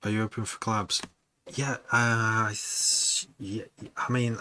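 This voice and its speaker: A man's voice: fairly low pitch, level tone, unhurried, bright, forceful tone, a little hiss or hum. A man, a music producer, chatting casually with his livestream viewers, rambling and laughing often as he muses aloud. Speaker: music producer streaming to chat.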